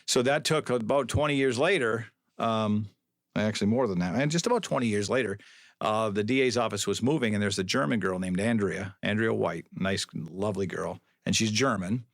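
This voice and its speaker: Middle-aged man, low voice, dry close sound, wry rambling anecdote-teller. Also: normal speed, vocal fry, dry recording. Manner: wry, rambling, self-correcting. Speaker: police public information officer, guest. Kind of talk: storytelling interview.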